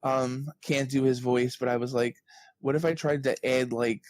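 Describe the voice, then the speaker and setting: A man's voice: mid-range voice, moderate pace, no echo. Brief: thirtyish man, eager rambling storyteller, dry close recording. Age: early 30s. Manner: animated storyteller, heavy on "like" fillers. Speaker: guest, author and journalist. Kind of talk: casual interview chat.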